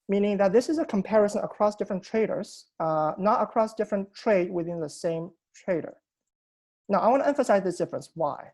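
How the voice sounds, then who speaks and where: Over a video call, a man presents at an academic seminar, methodically explaining technical ideas and often restarting his sentences. His voice sits high and is gravelly, mellow, and a little husky.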